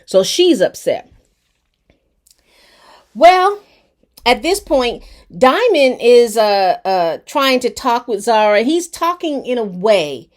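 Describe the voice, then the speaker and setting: Woman, slightly high voice, casual TV recap, chatty, talks to viewers. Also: very animated, takes it slowly, pauses often. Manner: chatty and colloquial, addressing viewers directly. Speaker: TV show reviewer. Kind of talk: casual episode recap and review.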